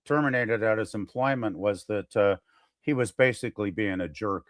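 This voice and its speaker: A man joining a casual podcast chat, speaking in a measured, hedging way. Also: fairly low pitch, no echo, clean studio sound.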